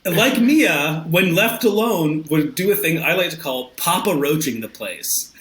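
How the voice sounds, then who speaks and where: A man guesting on a podcast with a slightly high, bright voice. He tells stories with a lot of swing in his pitch and laughs easily. The room has a noticeable echo. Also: unhurried, a little hiss or hum. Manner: animated storytelling, laughs often, acts out quotes. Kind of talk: casual chat. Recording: roomy echo.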